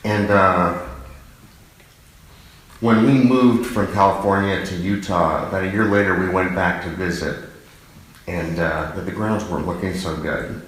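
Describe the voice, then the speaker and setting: A middle-aged man fondly remembering his late father, halting, with many fillers and restarts. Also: deep voice, steady tone. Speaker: son giving a eulogy. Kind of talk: personal reminiscence. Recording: very echoey hall.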